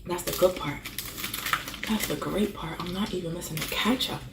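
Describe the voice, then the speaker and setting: A woman's voice: on the low side, moderate pace, roomy sound, heavy background noise. A woman chatting casually while eating in a mukbang vlog, savoring each bite with frequent hums of approval. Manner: chatty, savoring with frequent mm sounds between bites. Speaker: food vlogger.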